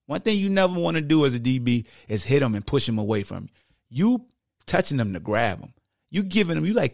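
A man hosting a podcast, breaking down football technique in a casual, animated, slangy coaching manner. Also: fairly high pitch, fast, vocal fry, no room sound, clean studio sound. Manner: slangy, conversational. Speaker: podcast host.

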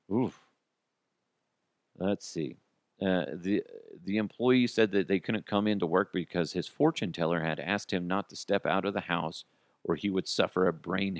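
A male podcast host chats casually and riffs on listener stories, swearing freely. His voice is low and gravelly with lively swings in pitch, and it sounds dry and close. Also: no echo. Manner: profane, animated riffing on listener stories. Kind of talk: casual comedy chat.

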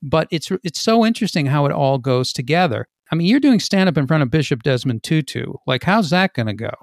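Lively, high-ish male podcast host. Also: a little fast, dry recording, studio quality. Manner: enthusiastic, laughs easily. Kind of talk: casual interview chat.

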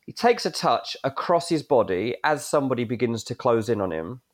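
A man co-hosting a football podcast, recounting a match moment with lively, building excitement. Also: medium pitch, fairly quick. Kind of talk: animated storytelling of a match moment.

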